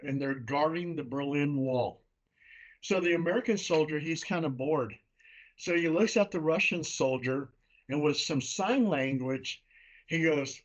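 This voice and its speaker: A man hosting a casual video call chat, telling a story in a relaxed way and swearing freely. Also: a little high, rough recording. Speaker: host.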